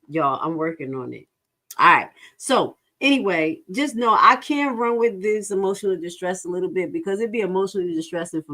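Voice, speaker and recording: A woman casually commenting live as she reads through a lawsuit, frank and animated, speaking straight to her viewers and swearing freely. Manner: animated, swings into high-pitched laughing outbursts and back to low reading.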